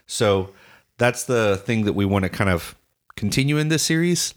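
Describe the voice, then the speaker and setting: A man's voice: on the low side, animated, moderate pace. A man co-hosting a relationship podcast, talking in a playful, rambling, teasing way. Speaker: podcast co-host. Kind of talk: casual relationship podcast chat.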